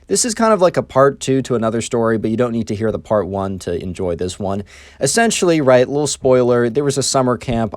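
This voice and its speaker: A man's voice: medium pitch, a little mellow, dry recording, studio quality. A man casually telling a funny personal story to his viewers. He pokes fun at himself and keeps dropping fillers like "right" and "anyways". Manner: chatty, self-mocking, lots of fillers like "right" and "anyways". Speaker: storytime narrator.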